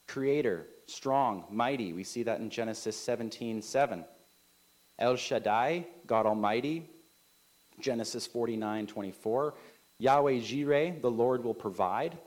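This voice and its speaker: A man in his thirties preaches his sermon to a congregation. He talks in an easy, conversational way, full of little asides and "right?". His voice sits at an ordinary middle pitch and lifts for emphasis. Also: expressive, measured pace. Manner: conversational, many filler likes and rights, rising emphasis. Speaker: pastor.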